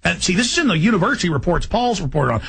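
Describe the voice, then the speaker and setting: A man hosting a talk radio show, ranting rapidly in an agitated, emphatic way. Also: sits high, big pitch swings, creaky, fairly bright tone, breathy edge, rough recording.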